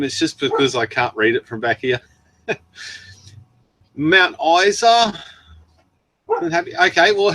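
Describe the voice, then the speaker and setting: A man's voice: mid-range voice, a bit bright, no echo. An Australian man hosting a casual live stream, reading out viewer messages in a chatty way with frequent laughs and ums, his throat worn from long talking. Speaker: livestream host.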